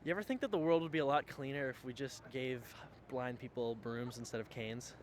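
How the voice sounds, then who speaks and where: A man answering interview questions about comedy, hesitant and halting, outdoors on a city street. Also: mid-range voice, faint music behind. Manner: hesitant, many restarts. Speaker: aspiring comedian.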